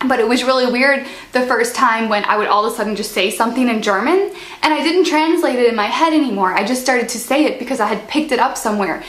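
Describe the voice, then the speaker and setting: A woman with a fairly high voice chats casually to her viewers in a vlog, laughing often and calling them "you guys." Her voice bounces around an echoey room. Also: fairly bright tone. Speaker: vlogger. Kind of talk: casual vlog talk to camera.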